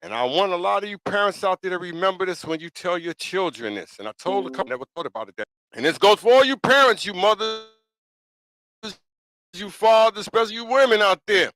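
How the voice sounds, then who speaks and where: Speaking briskly in a high, expressive and slightly bright voice, this male podcast host delivers a casual opinion monologue with no room sound. His style is blunt and insistent, circling back to the same points and often asking the listener "you know what I'm saying."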